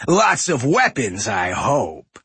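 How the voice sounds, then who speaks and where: A man voicing a boastful, greedy male goblin boss with an abrasive, raspy, booming voice and a slow, drawling bluster in an audiobook reading. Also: huge pitch swings, fairly bright tone, no echo, heavily acted. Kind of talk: audiobook character voice.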